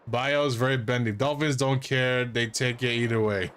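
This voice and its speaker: A man's voice: medium pitch, fairly even intonation, slow pace, noisy background. A man streaming a role-playing game, playful, laughing often and reading the game text aloud. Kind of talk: casual gaming commentary.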